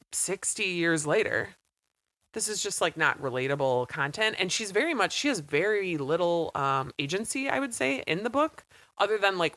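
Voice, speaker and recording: A chatty woman in her thirties with a low, deep-set voice, talking on a podcast in loose, rambling fashion. She acts out little quotes as she goes, and the sound is close and dry with no room around it. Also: no echo. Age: 30s. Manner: chatty, animated retelling with acted-out quotes. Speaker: podcast co-host. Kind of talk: casual chat. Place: small studio.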